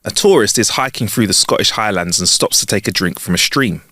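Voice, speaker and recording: A man's voice: a little fast, no echo, studio quality. A man co-hosting a comedy podcast, telling jokes and teasing his co-host. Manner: playful, teasing, very animated pitch. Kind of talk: casual chat.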